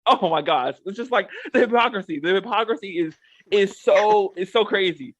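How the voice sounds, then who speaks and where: A man's voice: high-pitched, moderate pace, no room sound, highs cut off. A man co-hosting a show, delivering a heated sports rant that is emphatic and repetitive, hammering each point with "okay?". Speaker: co-host giving a rant segment.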